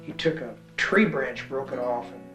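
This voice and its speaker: A man's voice: mid-range voice, normal speed, a bit bright. Middle-aged man, thoughtful interview voice-over, roomy sound, guitar playing underneath. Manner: thoughtful, repeats words as he searches. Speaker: author.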